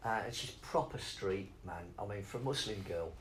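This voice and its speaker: A man's voice: on the low side, lively intonation, moderate pace, a little hiss or hum, low-quality recording. A middle-aged man rambling off on tangents in a casual interview, swearing freely as he talks about spoken word.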